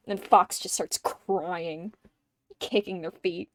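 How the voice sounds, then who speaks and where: A woman streamer chatting casually with her viewers, animated and profane, laughing often and acting out quotes in squeaky voices. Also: takes it slowly, no room sound, studio quality.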